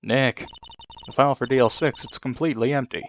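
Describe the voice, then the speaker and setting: A man's voice: medium pitch, steady tone, a little fast, a bit bright, slight background noise, close to an everyday voice. A man voicing an earnest young female assistant in a game, with a pleading manner. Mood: worried.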